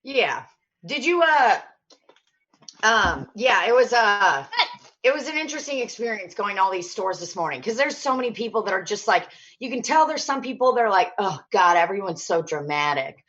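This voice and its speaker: A woman's voice: on the high side, moderate pace, highs cut off. Chatty woman telling stories with swearing. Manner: chatty storyteller, swears freely, animated retelling. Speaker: podcast host. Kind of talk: casual chat.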